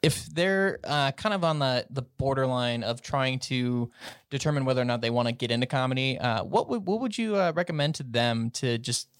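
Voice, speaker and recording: A man hosting a casual podcast, talking at a middle pitch. He sounds upbeat and chatty and laughs easily. His voice is dry and close, with no room echo. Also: moderate pace, clear, resonant tone. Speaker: podcast host.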